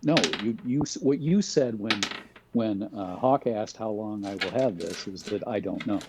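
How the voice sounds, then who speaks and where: A hesitant man plays an online tabletop game and weighs each move as he talks. His voice sits low. Noise is clearly heard behind him on the mic. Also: normal speed. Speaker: player.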